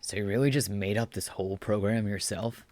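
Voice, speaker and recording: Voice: low-pitched, brisk, a little mellow, dry recording, soft background music, pitched below the performer's own voice. A streamer reading the lines of a dry, teasing player character in their own voice. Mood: curious. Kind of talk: reading game dialogue aloud on stream.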